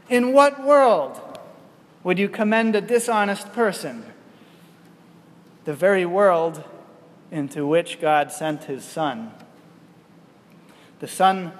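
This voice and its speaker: A male pastor giving a sermon, preaching in a slow, emphatic way and asking rhetorical questions. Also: high-pitched, long reverb tail.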